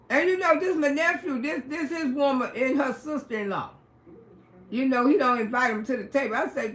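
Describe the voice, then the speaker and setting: A brash middle-aged woman spins profane stories on her livestream, her voice pitched high and her outbursts loud. She talks casually to her viewers, and her voice rings around a roomy, echoey space. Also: normal speed. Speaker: livestream host.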